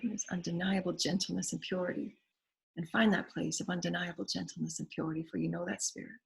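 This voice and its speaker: A woman's voice: fairly low pitch, little pitch movement, fast, vocal fry. A woman with a Southern US accent hosting a spiritual show, leading guided affirmations and prayer in a repetitive, incantatory way.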